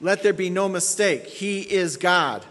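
A man's voice: high-pitched, a little slow, fairly bright tone, big-room sound. A man preaching an expository sermon as pastor, emphatic, repeating key phrases and checking in with his listeners.

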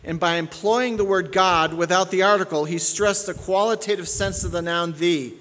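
A man's voice: high-pitched, normal speed, a bit bright, long reverb tail, a little hiss or hum. A man preaching an expository sermon as pastor, emphatic and repeating key points for stress.

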